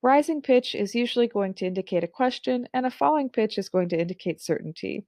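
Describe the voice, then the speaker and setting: A woman in her thirties teaching an online speaking course, with clear, carefully articulated and expressive delivery. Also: a little high, fairly quick, no room sound. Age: 30s. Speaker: instructor.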